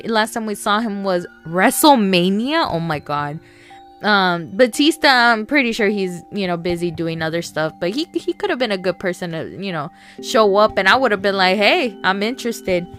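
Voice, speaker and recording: A woman's voice: mid-range voice, a bit bright. A woman talking casually and at length about wrestling, rambling with many fillers and asides. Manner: rambling, chatty, lots of fillers and laughs. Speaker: wrestling fan commentator. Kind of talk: casual solo commentary.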